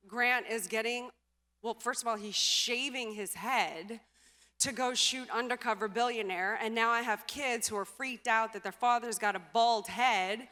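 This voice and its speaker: A woman giving a motivational speech as personal storytelling, animated, acting out dialogue and trailing off with filler sounds. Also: on the high side. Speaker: motivational speaker. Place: stage in a large venue. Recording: reverberant hall.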